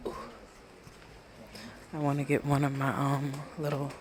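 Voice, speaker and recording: Late night podcast host winding down at home, talking kinda low, rambly, cusses a lot, faint hiss behind. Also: level tone, moderate pace, pauses often. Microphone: small handheld USB microphone.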